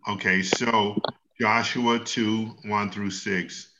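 A man teaching an online Bible class, speaking slowly and patiently and asking the class questions. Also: fairly low pitch, level tone, background noise. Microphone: video call. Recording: dull lo-fi video call audio.

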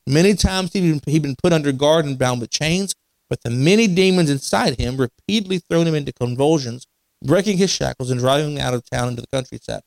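A man's voice: fairly high pitch, lively intonation, fairly quick, vocal fry, no room sound. A male pastor preaching a sermon, talking plainly with repeated words and restarts, then building to emphatic points. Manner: conversational preaching with repetitions and restarts, rising to emphatic. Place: church sanctuary.

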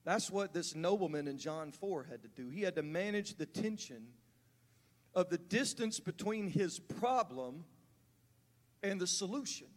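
A man preaching a sermon as pastor, building from calm teaching to fervent, rising delivery. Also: high-pitched, a little slow. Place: church sanctuary. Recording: church hall reverb.

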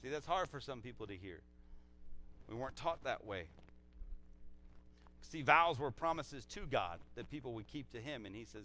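A man preaching a sermon in a conversational way, repeating phrases and swinging between loud exclaims and soft, low scripture reading. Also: lively intonation, moderate pace, pauses often, slight background noise. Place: church service.

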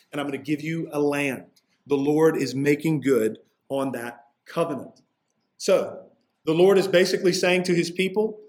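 Male pastor, expository sermon, slightly higher voice, emphatic on key lines. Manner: expository preaching, rising intensity on key points.

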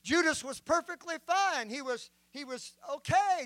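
High-voiced preaching bishop, dry sound. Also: male voice, expressive, fairly bright tone, no echo. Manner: dramatic preaching, slow emphatic scripture reading. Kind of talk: sermon.

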